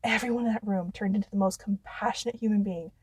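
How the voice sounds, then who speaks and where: A woman's voice: quick pace, slightly rough, dry recording. A woman co-hosting a casual chat show, telling a long story and acting out the people in it. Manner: animated storyteller, acts out quotes with big pitch jumps. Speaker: podcast co-host.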